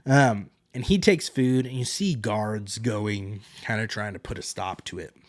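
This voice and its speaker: A man's voice: on the low side, measured pace, dry recording, studio quality. A young man hosting a podcast alone, chatting through a recap in a rambling way and acting out quotes. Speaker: podcast host. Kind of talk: solo casual recap.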